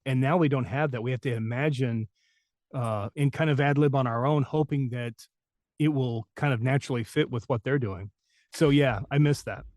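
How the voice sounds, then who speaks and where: Male voice-actor guest, chatty storyteller, mid pitch, dead-dry sound. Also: normal speed, darkish tone, dry recording. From New Mexico. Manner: rambling anecdotes with many fillers and restarts. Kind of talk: interview storytelling.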